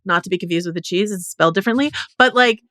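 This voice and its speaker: A woman's voice: medium pitch, rapid-fire, a bit bright, no room sound, clean studio sound. A woman co-hosting a podcast, chatting casually about films with a wry, sardonic humor. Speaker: podcast co-host. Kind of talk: casual film discussion.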